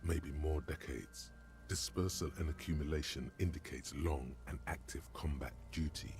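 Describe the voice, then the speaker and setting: A gravelly, grim game narrator. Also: male voice, a bass voice. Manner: dark, vivid, deliberate.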